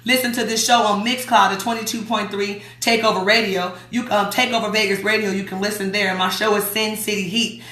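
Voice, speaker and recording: A woman's voice: medium pitch, steady tone, brisk, pushed and bright, echoey room. A woman hosting a radio show, reading a newsletter aloud in a chatty, emphatic way and talking back to her listeners. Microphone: streaming mic.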